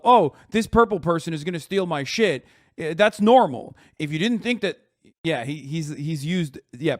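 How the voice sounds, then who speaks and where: A man's voice: medium pitch, no echo, clean studio sound. A man streaming a reaction video, mocking and laughing at what he watches and swearing freely. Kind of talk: casual reaction commentary.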